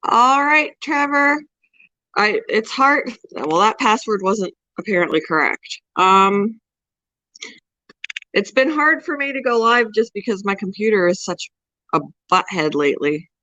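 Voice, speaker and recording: A woman's voice: mid-range voice, animated, a little slow, sharp tone, no echo, dull audio. A woman hosting a pet channel, chatting casually on a live stream and cooing to her small pets between remarks.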